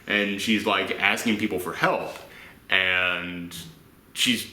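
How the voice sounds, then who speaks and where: A man hosting a casual movie reaction chat, rambling and animated, acting out lines in silly voices. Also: sits low, slow pace, roomy sound.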